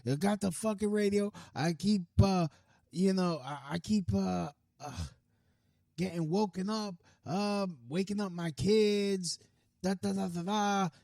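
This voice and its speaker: A man mocking an adult male neighbor in a shrill, whining, foul-mouthed voice. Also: steady tone, unhurried, gravelly, warm tone, no echo, clean studio sound. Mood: ranting.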